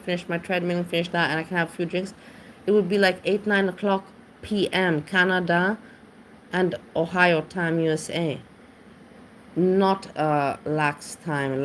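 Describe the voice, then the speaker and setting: A woman's voice: on the low side, a little hiss or hum. A woman chatting casually on her livestream, rambling and greeting viewers in chat by name. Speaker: livestream host. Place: home.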